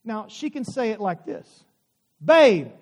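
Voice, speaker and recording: A male pastor in his forties preaching a sermon with a noticeably high voice. He tells stories with folksy asides. He slows down and stretches words to stress a point. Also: darkish tone. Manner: storytelling, drawn-out emphasis, folksy asides.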